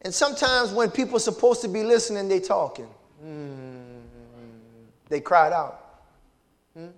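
A man's voice: sits high, unhurried, long reverb tail. A man preaching a sermon, sprinkling his points with hallelujahs and amens and calling out to the congregation. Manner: call-and-response preaching with frequent hallelujahs and amens. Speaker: pastor. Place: church sanctuary.

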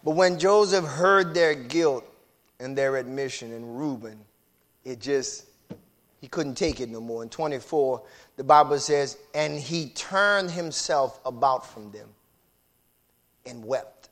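A man preaching a sermon, swinging between shouted whooping and low, hushed talk. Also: takes it slowly.

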